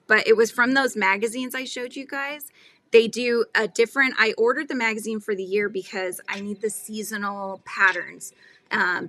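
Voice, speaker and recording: Chatty bright-voiced woman livestreaming. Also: mid-range voice, vocal fry, dry recording. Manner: chatty, reads and greets viewer comments; frequent laughs and fillers. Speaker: livestream host. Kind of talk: casual live-stream chat while crafting.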